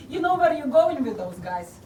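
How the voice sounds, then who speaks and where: A woman playing a brash Ukrainian immigrant, high and sly. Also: dark tone, exaggerated voice. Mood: teasing. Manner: teasing, mock-confessional, laughing at her own jokes. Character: brash Ukrainian woman passing herself off as Russian. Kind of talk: live stage comedy character. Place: theatre stage. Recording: distant, roomy live stage recording with audience noise.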